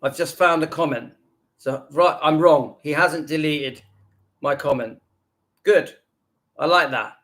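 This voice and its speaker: A man speaks in a notably high voice, hosting his own channel. He rants with indignant emphasis in a reaction video and keeps hammering the same points. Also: measured pace, long pauses, fairly bright tone. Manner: indignant, emphatic, repeats himself. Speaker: YouTube channel host.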